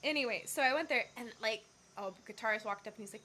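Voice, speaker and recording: Woman, livestream host, casual rambling storytelling, bright clear tone, slightly high voice, faint background hiss. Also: quick pace. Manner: chatty, rambling, many fillers and self-corrections. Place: Bali.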